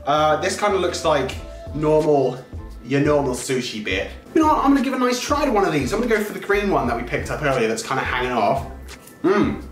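A young man hosts a food taste-test vlog in an animated, exclaiming way, his pitch jumping around. His voice sits a little high. The room is echoey, with faint music underneath. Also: brisk. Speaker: YouTuber host.

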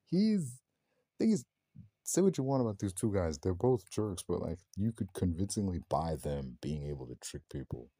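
A man's voice: low-pitched, big pitch swings, normal speed, warm tone, husky, no room sound. A man giving a casual, rambling spoken film review, full of slang and swearing. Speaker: movie reviewer.

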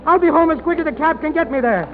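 A man's voice: very high voice, quick pace, very noisy. A man playing a brash, emotional nightclub owner and emcee on New Year's Eve, in 1930s radio drama style. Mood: stricken. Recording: muffled 1930s radio broadcast with music.

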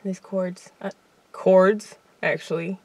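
A woman's voice: on the low side, steady tone, slow, a little mellow, no room sound, dull audio. A woman with a Southern US accent, a comedian rambling in a casual monologue with lots of fillers and chuckles. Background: faint piano keyboard playing.

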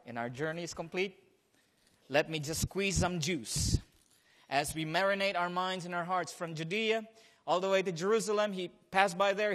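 A man preaching a sermon as pastor, swinging between hushed and loud delivery and often repeating phrases as he goes. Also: high-pitched.

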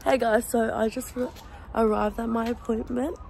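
A woman's voice: on the high side, flat delivery, normal speed, creaky, darkish tone, a little hiss or hum, rough recording. A young woman talking casually to her camera in a vlog, chatty and swearing freely. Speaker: vlogger. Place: car in the city.

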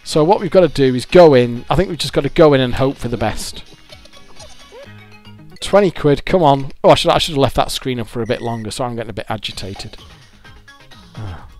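A man's voice: mid-range voice, lively intonation, fairly quick, darkish tone, soft background music. A British man swearing and grumbling in exasperation as he gives gameplay commentary on a YouTube video. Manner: swearing, exasperated, self-mocking.

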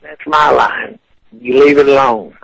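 Gravelly, furious man cursing. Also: mid-range voice, flat delivery, measured pace, a bit bright, no echo, low-quality recording. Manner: profane, furious, taunting. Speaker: prank call target. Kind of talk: angry phone argument.

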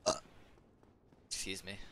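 A man's voice: unhurried, sharp tone, a little hiss or hum. A young man casually commenting on his own gameplay, muttering and swearing at enemies. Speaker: gameplay streamer.

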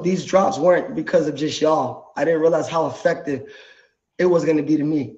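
A man's voice: on the high side, a little mellow, roomy sound, dull audio. A man giving an earnest, reflective motivational speech as a guest artist on a live stream.

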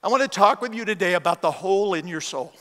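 A man's voice: high voice, animated, quick pace, sharp tone. A middle-aged man preaching a sermon as a guest speaker, telling stories with self-deprecating humor. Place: church auditorium. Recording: long church hall reverb.

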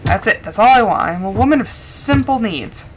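With lively intonation and a mid-range voice, a young adult woman talks at a moderate pace while live-streaming a farming game. She rambles casually with many fillers, and game music plus other background noise can be heard.

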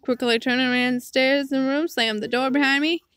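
A woman's voice: high voice, steady tone, moderate pace, heavy background noise. Young woman reading a story aloud, emotional. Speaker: game player reading aloud. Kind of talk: reading a visual novel aloud.

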